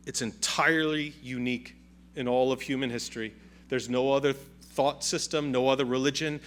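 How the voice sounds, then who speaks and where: A man's voice: medium pitch, a bit bright. A male pastor preaching a sermon with an emphatic, repetitive cadence.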